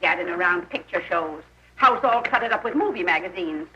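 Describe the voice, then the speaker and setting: An actress playing a disapproving middle-aged aunt who scolds and complains, in a 1930s film. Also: female voice, lowish voice, expressive, fairly quick, bright, forceful tone, a little hiss or hum. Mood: scolding. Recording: muffled 1930s film soundtrack.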